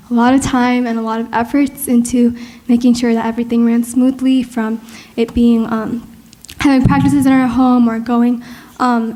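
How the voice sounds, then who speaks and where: A young woman giving an unscripted thank-you speech at her concert, hesitant and emotional, with many pauses. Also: on the high side, darkish tone, slight background noise. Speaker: student singer giving thanks.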